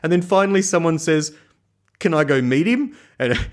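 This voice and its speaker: An Australian man co-hosting a podcast, telling an animated story in casual chat with frequent laughter. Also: on the high side, moderate pace. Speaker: podcast co-host.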